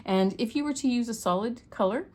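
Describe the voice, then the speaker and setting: A woman's voice: a little high, fairly quick, a little mellow. A middle-aged woman from Canada giving a homey, step-by-step loom knitting tutorial as she works. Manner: chatty, homey, talks step by step while working. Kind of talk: hands-on craft tutorial.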